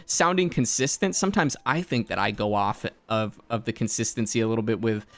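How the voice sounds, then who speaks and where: A young man hosting a casual conversation about voice acting, animated and laughing often, acting out quotes. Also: lowish voice, brisk, creaky. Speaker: host, voice actor.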